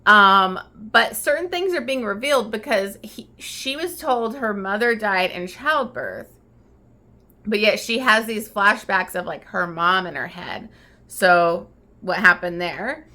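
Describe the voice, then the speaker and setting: A woman's voice: mid-range voice, a little slow, bright, forceful tone. A woman book vlogger recapping a romance novel in a casual, chatty way, full of likes and ums. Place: at home getting ready for work.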